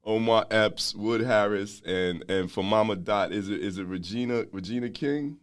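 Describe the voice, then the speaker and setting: A man's voice: lowish voice, moderate pace. A man hosting a podcast interview, asking questions and affirming his guest with easy laughter. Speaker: podcast host. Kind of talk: casual interview talk.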